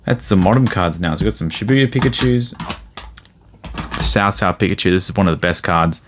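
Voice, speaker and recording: Male vlogger, deep voice, easygoing rambling delivery, faint hiss behind. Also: brisk. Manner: rambling, easygoing, thinks aloud. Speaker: card collector vlogger. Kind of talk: casual vlog commentary.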